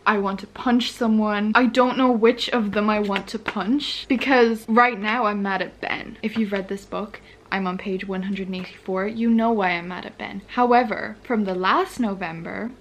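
A young woman talks straight to camera in a casual vlog from home. She gushes, swears freely and lets her emotions run high. Her voice sits at a middle pitch. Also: steady tone, moderate pace, a little hiss or hum. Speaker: book vlogger.

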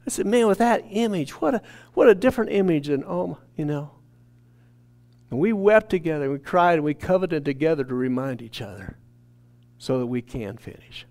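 A man's voice: fairly high pitch, animated, moderate pace. A man from a church staff telling an earnest, emotional testimony in a sermon. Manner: earnest storytelling, rising to shouted quotes.

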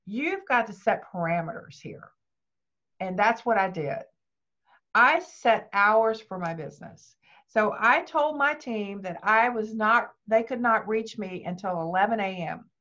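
An older woman, a grandmother, speaking as a guest and telling personal stories, acting out what people said. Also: a little high. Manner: lively, acts out quoted dialogue. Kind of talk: personal storytelling interview. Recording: dull lo-fi sound.

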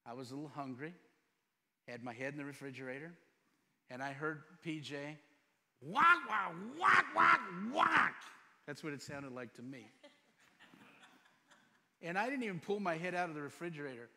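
A pastor in his fifties preaching a sermon, firing rhetorical questions and swinging between loud and soft. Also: a little high, a little fast, pauses often. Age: 50s. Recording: long reverb in a church hall.

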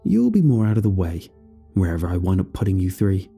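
A man's voice: sits low, huge pitch swings, a little fast, vocal fry, dark tone, slightly rough, soft background music, pitched below the performer's own voice, exaggerated voice. A man voicing an arrogant, smirking boyfriend who taunts children in a nasal, smug voice. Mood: smug taunting.

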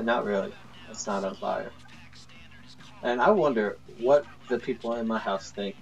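A man doing let's play commentary, excitable and laughing, yelling at his teammates. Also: lowish voice, measured pace, gravelly, long pauses, breathy edge, recorded from a distance, dull audio, soft background music. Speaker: gaming YouTuber.

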